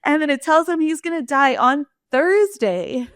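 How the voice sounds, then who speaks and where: A woman co-hosting a podcast, retelling scenes in casual chat and jumping up in pitch when she acts out quoted lines. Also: very animated, moderate pace, dry recording, studio quality. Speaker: podcast co-host.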